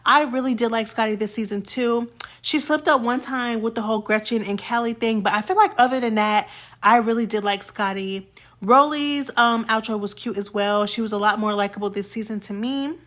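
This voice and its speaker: A woman's voice: on the high side, brisk, fairly bright tone. A woman hosting a casual reality-show recap, sassy and chatty, often laughing and quoting the cast.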